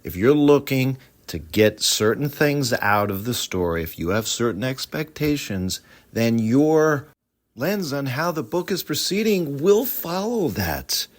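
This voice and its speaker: A middle-aged man hosting a book discussion podcast, speaking in an animated and opinionated way. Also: mid-range voice, measured pace. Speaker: podcast host.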